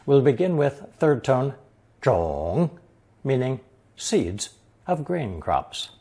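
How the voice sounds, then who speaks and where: A man narrating a scripted language lesson, explaining slowly and carefully and reading example sentences aloud. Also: medium pitch, big pitch swings, warm tone, husky. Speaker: language teacher.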